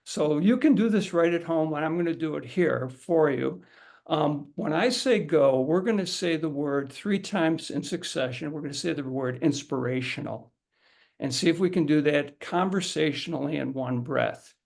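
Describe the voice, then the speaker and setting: A man's voice: on the high side, normal speed, vocal fry, a little mellow. A middle-aged man teaching a haiku workshop in a casual, conversational way, often repeating words and restarting sentences as he demonstrates aloud. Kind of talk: casual instructional talk to an audience.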